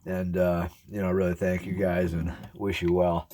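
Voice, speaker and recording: An ASMR YouTuber in his forties talks to camera in a deep, dark voice with little pitch movement and normal speed. He speaks earnestly to his viewers, rambling and reflective, while eating.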